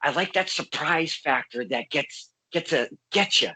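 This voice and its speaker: A man hosting a casual interview over a video call, excitable and swearing freely. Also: on the high side, a little slow, husky, rough recording. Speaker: host.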